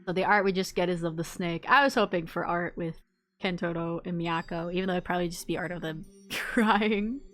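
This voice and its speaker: A woman's voice: fairly low pitch, steady tone, fairly quick, faint music behind. A woman game streamer chatting casually, reacting aloud and laughing while she plays. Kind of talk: casual gameplay commentary.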